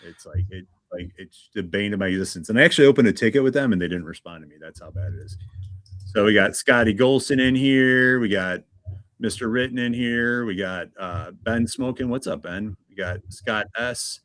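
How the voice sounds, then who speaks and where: Male livestream host, low voice, dry close sound, chatty and relaxed. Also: moderate pace, dry recording. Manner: chatty, greets viewers one by one. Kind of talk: casual livestream chat.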